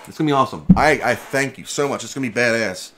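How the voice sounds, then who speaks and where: A man hosting a casual livestream from his home workshop, chatting excitedly and swearing mildly as he opens packages. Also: medium pitch, fast talker, a little hiss or hum. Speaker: retro computer restoration channel host. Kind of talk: casual livestream mail-opening chat.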